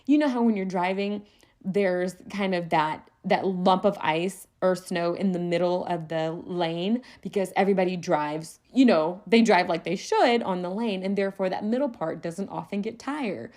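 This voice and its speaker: A woman hosting a solo podcast in a casual chat, animated and chatty, laughing often as she talks. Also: on the low side, moderate pace. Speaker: podcast host.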